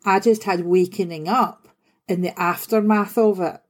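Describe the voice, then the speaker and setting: A woman's voice: mid-range voice, fairly even intonation, moderate pace. A woman hosting a conversation, reflective, asking probing questions and sharing her own experience. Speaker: host. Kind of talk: conversational interview.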